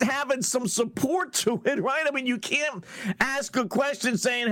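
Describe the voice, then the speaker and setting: A man's voice: very high-pitched, normal speed, a bit bright, no echo. A middle-aged man hosting a sports betting radio show, talking in a brash, sarcastic, rambling monologue.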